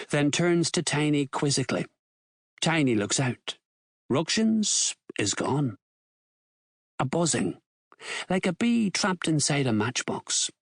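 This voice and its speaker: A slow, expressive male narrator. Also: fairly high pitch, dry recording, studio quality. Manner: measured, expressive storytelling. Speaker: audiobook narrator. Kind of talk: scripted narration.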